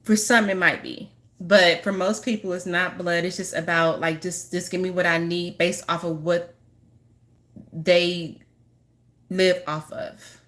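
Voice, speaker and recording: A woman's voice: lowish voice, steady tone, a little slow, fairly bright tone. A woman spiritual healer talking casually to her viewers, rambling, restarting sentences and laughing often. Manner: apologetic giggling asides. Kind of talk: casual chat to camera.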